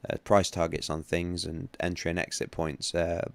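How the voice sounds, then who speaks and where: A man's voice: deep voice, level tone, normal speed, gravelly, dry recording. A man hosting a casual livestream about trading, rambling and chatty with many restarts. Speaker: livestream host, trading analyst.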